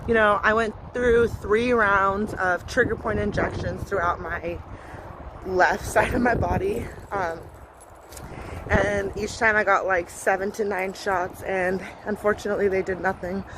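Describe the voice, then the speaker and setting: A woman in her twenties giving a candid vlog update outdoors, talking fast and loud, blunt and swearing a lot. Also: mid-range voice, steady tone. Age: 20s. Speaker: vlogger. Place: outdoors on a windy day. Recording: wind noise on a phone recording.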